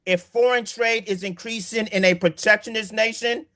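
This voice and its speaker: Emphatic bright-voiced man commenting. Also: high-pitched, fairly even intonation, moderate pace. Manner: emphatic, stammering restarts, rhetorical questions. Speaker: political commentator. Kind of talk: casual explanatory commentary.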